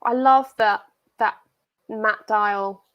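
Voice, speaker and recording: A woman's voice: medium pitch, fairly even intonation, drawn-out words, lo-fi sound. A young British woman co-hosting a casual chat, enthusiastic and full of fillers. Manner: chatty, filler-heavy, enthusiastic. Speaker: co-host.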